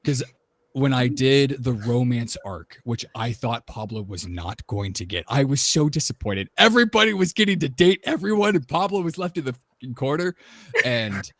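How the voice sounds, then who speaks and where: A man's voice: mid-range voice, normal speed, no room sound. Laid-back man telling stories, dry sound. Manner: relaxed, storytelling, enthusiastic. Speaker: voice actor on a panel. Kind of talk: casual panel talk.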